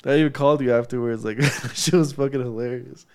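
A man's voice: mid-range voice, steady tone, fast talker, a little mellow. A man on a podcast, casually telling a story with heavy swearing and frequent laughs. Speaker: podcast co-host. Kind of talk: casual chat.

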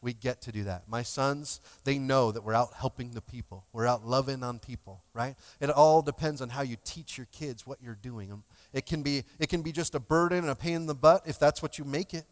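Pastor preaching in an echoing hall. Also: male voice, medium pitch, brisk, few pauses. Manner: conversational and emotional, jokes with the congregation. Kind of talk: sermon. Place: church sanctuary. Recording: long hall reverb.

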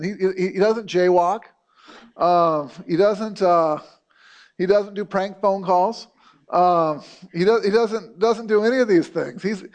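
A middle-aged man preaching a sermon in a loose, conversational way, full of fillers and restarts. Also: sits high. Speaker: pastor.

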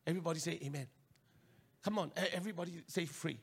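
A male pastor with a Singaporean English accent, preaching an animated sermon and urging his listeners to respond. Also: a little high, fast, vocal fry, slightly rough.

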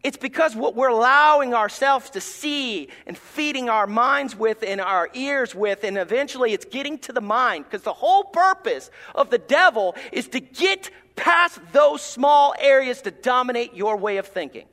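A man preaching a sermon as associate pastor, folksy and animated, joking with his congregation. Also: very high voice, normal speed, few pauses, big-room sound. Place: church sanctuary.

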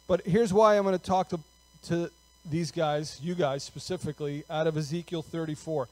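A man's voice: sits high, steady tone, normal speed, darkish tone, dry recording, low-quality recording. A male pastor giving a sermon in a conversational way, often checking in with "okay?" and filler words.

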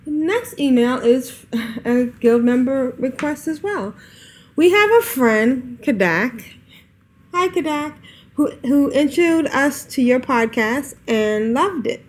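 A woman's voice: high voice, expressive, slow. Giggly woman co-host reading emails. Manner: giggly, chatty, trails off into laughs. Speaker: podcast co-host. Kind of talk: casual chat, reading listener emails aloud.

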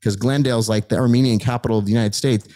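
A middle-aged man telling his life story as a guest in an animated, excited way, acting out the people he met. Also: mid-range voice, rapid-fire.

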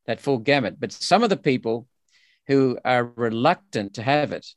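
A man's voice: medium pitch, lively intonation, normal speed, no echo. Australian man, politician guest, emphatic, indignant, restarts often, dry close sound. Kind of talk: podcast interview.

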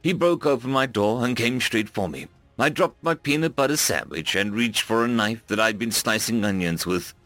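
Man as human hero, rattled, rueful, halting, dry sound. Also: medium pitch, a bit bright, no room sound, faint music behind, close to an everyday voice.

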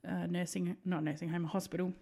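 A woman's voice: on the low side, little pitch movement, fast, creaky, mellow. Chatty woman telling stories. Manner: chatty, lots of "like", laughs through her stories. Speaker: podcast co-host, nurse. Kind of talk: casual storytelling chat.

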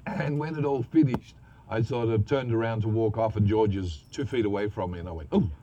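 Mellow low-voiced man swearing through anecdotes. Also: fairly quick, dull audio, slight background noise. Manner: profane, laughing, animated storyteller. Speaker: actor telling anecdotes. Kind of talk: casual storytelling interview.

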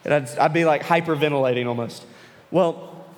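A man preaching a youth sermon to a room of listeners, telling a personal story with animated delivery that turns earnest and hushed. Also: on the high side, moderate pace. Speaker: youth pastor. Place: large room with an audience. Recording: long reverb of a large hall.

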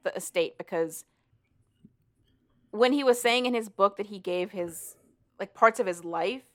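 A woman with a medium-pitched voice and measured pace co-hosts a podcast, casually recapping a book's plot in a rambling way with plenty of swearing.

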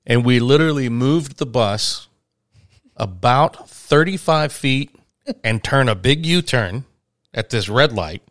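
A man's voice: mid-range voice, a little slow, a bit bright, no room sound, clean studio sound. A man telling a long, rambling touring anecdote in casual conversation, acting out the quoted voices. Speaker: touring musician guest. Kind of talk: storytelling in casual chat.

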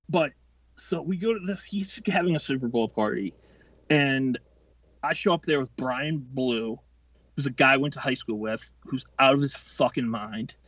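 A man's voice: mid-range voice, no echo. Man, late twenties, podcast guest, casual storytelling, swears a lot, rambling, dry dull audio. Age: 20s. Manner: profane, rambling, quick-tempered delivery.

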